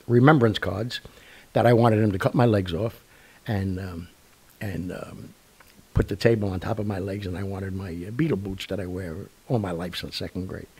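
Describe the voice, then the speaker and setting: A man's voice: deep voice, vocal fry, darkish tone, slightly rough. An older man hosting a talk show, telling stories in a rambling, casual way with lots of fillers and restarts. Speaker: radio show host. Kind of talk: casual storytelling monologue.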